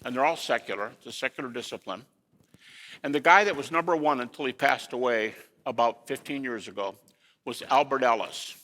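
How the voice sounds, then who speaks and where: A man giving a lecture to an audience in an animated way, with rhetorical questions and folksy asides. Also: mid-range voice, fairly quick, big-room sound.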